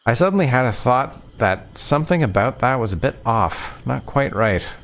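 A man reading a visual novel aloud in first person. He keeps a measured pace and now and then stumbles over a word and restarts. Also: mid-range voice, animated, a bit bright. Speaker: let's play narrator.

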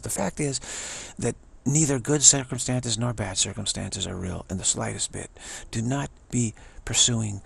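A man's voice: lowish voice, gravelly, a bit bright, slightly rough. A man giving a casual spiritual teaching talk, musing and earnest, repeating phrases for emphasis.

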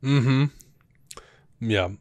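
A man co-hosting a podcast, talking through a show review in a rambling, animated way with lots of fillers and restarts. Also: mid-range voice, very slow, no echo. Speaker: podcast co-host. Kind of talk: casual review chat.

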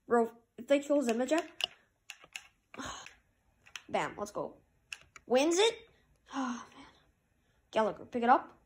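A woman commentating her own hockey video game match, calling plays and cheering loudly at goals. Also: unhurried, pauses often. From Canada. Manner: excitable play-by-play, jumps to loud high cheers at goals. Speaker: gamer.

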